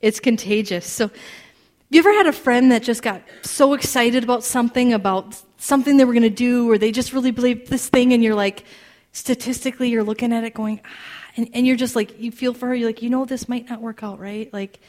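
Woman, 30s, storytelling preacher, fairly high voice, animated with laughs and acted asides. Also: a little fast. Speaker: speaker. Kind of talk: storytelling sermon.

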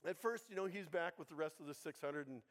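A man's voice: on the high side, fast talker. A man giving a sermon in a casual, conversational way, with humorous asides and frequent rhetorical checks with his listeners. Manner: conversational, keeps asking the congregation "right?". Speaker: pastor.

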